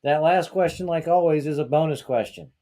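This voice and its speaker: A man's voice: fairly high pitch, a little fast, mellow. Heated, exasperated male podcast host. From Georgia, US. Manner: heated, exasperated ranting with rhetorical questions. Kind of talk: opinionated casual talk.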